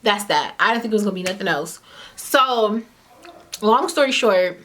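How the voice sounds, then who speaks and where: A woman in her twenties telling a casual story-time tale at home, chatty and animated, filling her talk with "like" and "you know what I'm saying". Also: mid-range voice, moderate pace, a little hiss or hum. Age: 20s. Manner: eats while talking at times.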